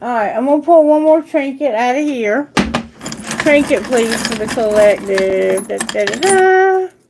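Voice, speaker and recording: A woman hosting a live tarot stream, talking slowly in a loose, rambling way. Her voice sits a little high and she chats with the viewers warmly and casually. She sounds like she is speaking into a webcam at her desk. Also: lively intonation, vocal fry, noisy background. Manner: affectionate, rambling, baby talk to pets. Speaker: tarot reader.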